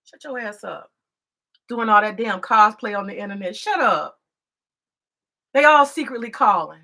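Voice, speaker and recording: With a high-pitched, bright, forceful voice, a woman political commentator launches into a heated, casual monologue. She curses, scolds, and repeats herself as she gets more worked up.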